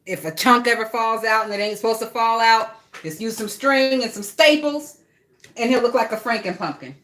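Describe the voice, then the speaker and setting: A woman's voice: fairly high pitch, moderate pace, a bit bright. A woman chatting casually and gossiping bluntly, with a lot of swearing, while she works on a craft project. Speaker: vlogger.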